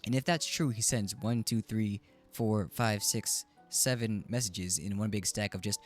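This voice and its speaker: A man's voice: on the low side, measured pace, soft background music. A man streaming and reacting to online stories with amused, wry asides. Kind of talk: casual reaction commentary.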